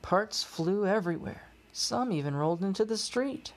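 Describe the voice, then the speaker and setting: A woman reading a children's storybook aloud, measured and expressive. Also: mid-range voice. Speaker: storybook reader.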